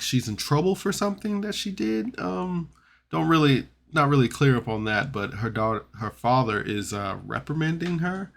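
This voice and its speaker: A man talks through a podcast recap of a tabletop game in a loose, rambling way. His voice sits at an ordinary middle pitch. He stops and restarts a lot, filling the gaps with ums and uhs. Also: gravelly. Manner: rambling, chatty, many fillers and restarts. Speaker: podcast reviewer.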